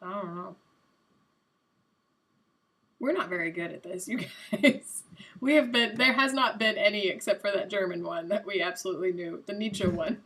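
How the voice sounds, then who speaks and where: A young adult woman hosting a live stream, chatting casually and guessing out loud while she plays a quiz game, a little self-mocking. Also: medium pitch, normal speed, long pauses.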